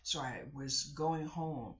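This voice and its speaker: A woman's voice: low voice, takes it slowly, lo-fi sound. A woman telling viewers a personal story in a casual, colloquial way, talking to them directly and restarting often.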